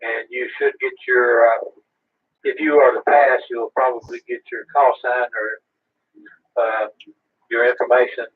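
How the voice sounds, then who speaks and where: Husky man heard over a radio. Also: mid-range voice, little pitch movement, a little slow, long pauses. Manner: brief, uses radio procedure words. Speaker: radio net participant making an announcement. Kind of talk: radio transmission check-in. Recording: phone-like radio transmission.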